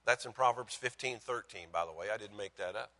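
A man preaching a sermon as pastor, swinging from loud emphasis to hushed lines and telling folksy, self-mocking stories. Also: on the low side, brisk, long reverb tail.

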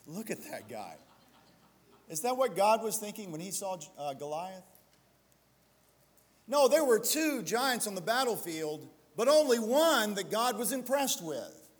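A man's voice: high voice, very animated, measured pace, long reverb tail. A male pastor preaching a sermon, building to emphatic exhortation and slipping into self-deprecating storytelling asides.

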